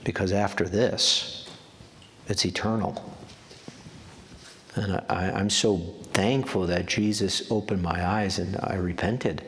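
A man's voice: low-pitched, fairly even intonation, takes it slowly, pauses often. A man preaching a sermon in an earnest way, often repeating words for emphasis. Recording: long hall reverb, faint background noise.

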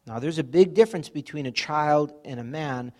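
A man's voice: a little high, normal speed, a little mellow. A man preaching a sermon in a conversational way, acting out everyday examples. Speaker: pastor.

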